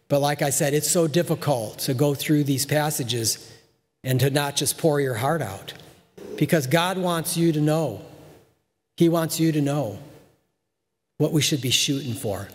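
A man's voice: on the high side, a little slow. An older man, a pastor from Texas, preaching a folksy, emphatic sermon in a church sanctuary and repeating phrases for stress. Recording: long church reverb.

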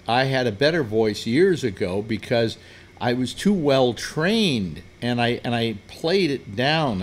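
A man hosting a casual chat show, rambling and cutting himself off with lively swings in pitch. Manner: rambling, self-interrupting, talks with animated pitch swings. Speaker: host.

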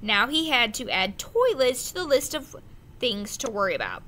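A woman reading a children's adventure novel aloud, slow and careful, with the odd slip of the tongue. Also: a little high, very animated, pushed and bright, slight background noise. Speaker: audiobook reader. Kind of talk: storybook narration.

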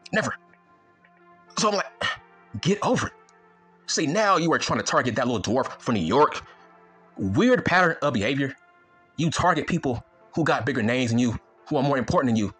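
A man's voice: mid-range voice, big pitch swings, brisk, pauses often, fairly bright tone, breathy edge, faint music behind. A man delivering an angry, profane, mocking rant to camera as a wrestling YouTuber. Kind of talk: angry ranting monologue.

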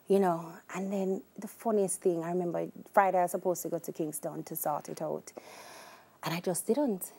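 A Jamaican woman in her thirties, a talk show guest, telling her life story with candid warmth and slipping into patois. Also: fairly low pitch, fairly even intonation, fairly quick. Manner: shifts into patois when quoting herself, laughs easily.

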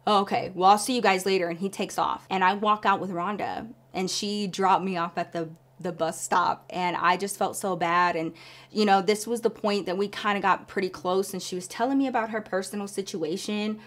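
A woman vlogger tells a personal story straight to her viewers. She talks casually and chattily at a middle pitch, sprinkling in "like" and calling her audience y'all. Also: fairly even intonation, normal speed, a bit bright.

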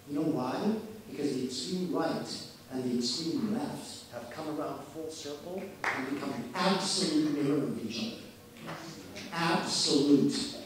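A Canadian man giving a conference keynote, telling stories with emphasis and acting out the voices of people he quotes. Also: fairly high pitch. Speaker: keynote speaker. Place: conference hall. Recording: echoey hall, distant mic, faint background noise.

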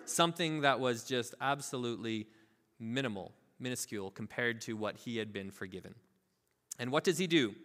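Man, pastor, preaching a sermon, lively storytelling, very expressive pitch, echoing hall. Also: normal speed. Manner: animated storytelling, acting out the parable's voices; informal, filler-heavy asides. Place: church sanctuary.

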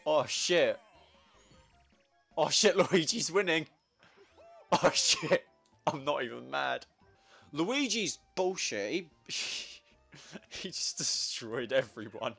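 A man's voice: on the high side, lively intonation, slow, vocal fry, long pauses, fairly bright tone, soft background music. A young man giving crude, sarcastic, swear-heavy commentary while playing a party video game. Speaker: gamer. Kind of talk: let's play commentary.

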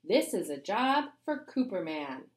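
A woman's voice: mid-range voice, very animated, measured pace, recorded from a distance. A woman voicing a goofy male teacher who thinks he is a superhero, in a storybook reading. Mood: heroic. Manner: boastful, theatrical.

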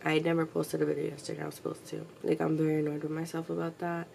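Gravelly young woman chatting to camera. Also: low-pitched, completely flat delivery, fast talker, a little mellow, a little hiss or hum. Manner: chatty, slangy, swears freely, talks to her pet. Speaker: vlogger. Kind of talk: casual chat to camera. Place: at home, indoors.

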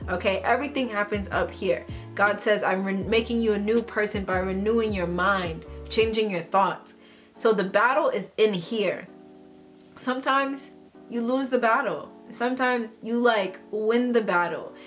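A woman's voice: mid-range voice, moderate pace. A young woman vlogging to camera about faith, candid and slangy, calling her viewers y'all. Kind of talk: casual faith talk to camera. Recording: faint background music.

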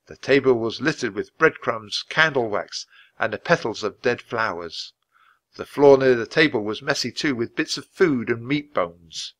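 A man reading a children's chapter book aloud at a natural, clear pace. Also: medium pitch, lively intonation, normal speed, fairly bright tone. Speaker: storybook reader.

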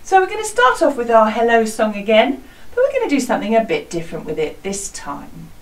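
A woman's voice: a little high, huge pitch swings, fairly quick, far from the mic, rough recording. A British woman teaching a home music lesson to young children, in an encouraging singsong teacher manner. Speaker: primary school music teacher. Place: small hut classroom.

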